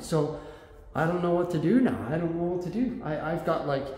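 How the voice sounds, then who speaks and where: Man, vlogger, casual, rambling, exasperated, slightly high voice, long reverb. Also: brisk, darkish tone. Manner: exasperated, rambling, talks to the camera. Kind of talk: casual vlog. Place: empty building with reverb, later a big store. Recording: echoey room with a long reverb tail.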